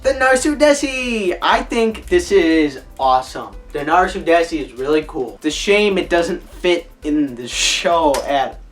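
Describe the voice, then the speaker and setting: Woman, video reviewer, lively swooping pitch, ranting exclamations, faint music behind. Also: a little slow. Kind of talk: opinionated review monologue.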